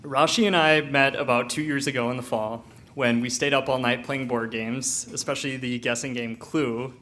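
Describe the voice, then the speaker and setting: A man's voice: mid-range voice, steady tone, normal speed, pushed and bright, a little hiss or hum. A man giving a conversational wedding toast as a friend of the couple, chuckling and using frequent fillers. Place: wedding reception.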